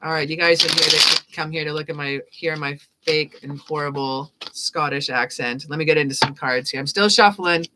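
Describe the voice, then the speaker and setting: A woman's voice: deep voice, normal speed, few pauses, heavy background noise. A woman giving a live-stream tarot reading as host, talking in an upbeat, playful and affirming way. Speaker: tarot reader.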